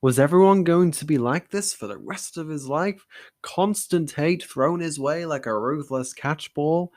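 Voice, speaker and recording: A young man reading his own story aloud in an overwrought, mock-dramatic way, with wry self-mocking asides. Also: fairly high pitch. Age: young adult. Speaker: channel host reading his old story.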